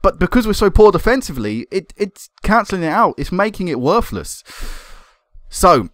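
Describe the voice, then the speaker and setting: Excitable young gaming commentator. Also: male voice, high-pitched, moderate pace, dry recording, clean studio sound. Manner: excitable, swearing and laughing at goals. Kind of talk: casual game commentary.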